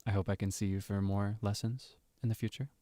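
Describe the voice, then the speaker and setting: A man voicing an overly praising male teacher who speaks gently and quietly, reading a voice-over request. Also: fairly low pitch, flat delivery, brisk, no echo, natural voice. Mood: softly creepy. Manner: gentle, hushed, lingering praise.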